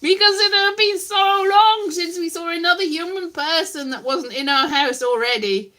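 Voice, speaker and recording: A woman's voice: very high-pitched, normal speed, sharp tone. A young woman vlogging casually to live viewers, rambling and self-mocking, now and then slipping into silly voices.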